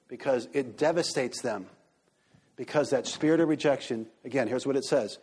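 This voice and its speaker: A man pastor teaching a church group and taking questions, animated and acting out quoted voices. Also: medium pitch, normal speed, husky. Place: church hall. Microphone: handheld microphone. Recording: reverberant hall.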